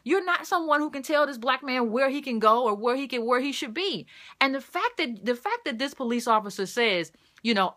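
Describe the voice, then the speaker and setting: Woman commentator, bright sharp tone, impassioned, repeats phrases, talks to viewers. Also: high voice, expressive, a little fast. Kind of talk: opinion commentary to camera.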